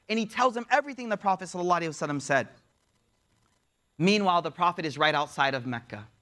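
A male preacher telling a story in a sermon, with a voice pitched a little high. He is lively and casual and acts out the people in the story in his own voice. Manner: lively, acts out the quoted figures, uses casual slang.

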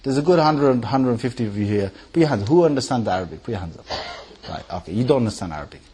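A man preaching to a large gathering in a lively sermon, quizzing his listeners with rhetorical questions and swinging between loud emphatic bursts and low quiet asides. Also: quick pace, husky. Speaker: Islamic preacher addressing a gathering. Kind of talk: lively sermon with recitation examples.

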